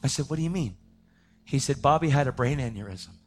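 A young adult man telling a personal testimony in a casual way, often saying "man", his voice rising to shouts at the most intense moments. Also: medium pitch, expressive, a little fast, a little hiss or hum. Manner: casual, says "man" and "dude" a lot. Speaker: speaker sharing his testimony.

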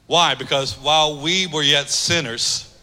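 A man preaching a sermon, driving points home with emphatic repetition and easing into softer storytelling. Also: fairly high pitch, a little slow, in a large hall. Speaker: pastor.

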